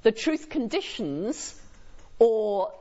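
A woman's voice: on the high side, very animated, extremely slow, warm tone. A woman lecturer giving a university lecture to a live audience in a lecture room, engaging them with frequent tag questions. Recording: muffled lo-fi lecture recording.

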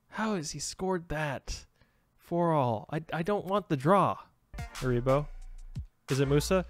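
A young man giving jokey, excitable commentary on his own football video game match, shouting at his players. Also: on the high side, unhurried, soft background music. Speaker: gaming YouTuber. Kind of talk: casual gameplay commentary.

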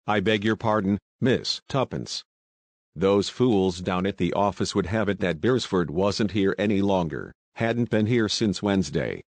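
A man's voice: low voice, expressive, no echo, exaggerated voice. Man voicing Julius, a slangy American talker. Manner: slangy, talkative, hurried storytelling. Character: brash young American man, slangy and excitable.

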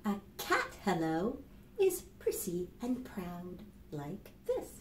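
A woman librarian leads a children's storytime, reading aloud in an animated, sing-song way and speaking directly to young children. Her voice is lowish and slow, in an echoey room with slight background noise.

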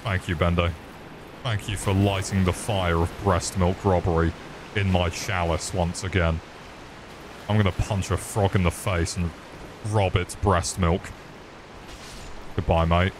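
A man's voice: low voice, background noise. Sweary British man streaming a game. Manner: sweary, excitable, chats with viewers. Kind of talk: live gameplay commentary.

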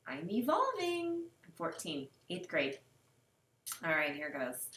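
A woman's voice: lowish voice, wildly swooping pitch, slow, a bit bright, a little hiss or hum. A woman in her forties reading her own teenage diary entries aloud, dramatic and tearful, with wry asides. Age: 40s. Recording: roomy sound from a distant mic.

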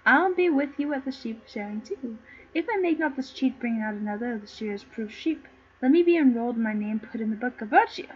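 A woman's voice: a little high, expressive, brisk, slightly rough, voice pushed down. A woman voicing a sly, thieving male rogue peddler who whines pleas for help and then makes sly asides, read on a dull lo-fi recording.

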